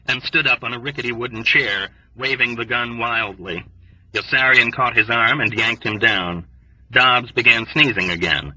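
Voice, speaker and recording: Brief: male audiobook narrator, measured storytelling, husky edge, dry room, a bit off-mic. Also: lowish voice, fairly even intonation, bright, forceful tone, no echo, distant mic, rough recording. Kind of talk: scripted narration.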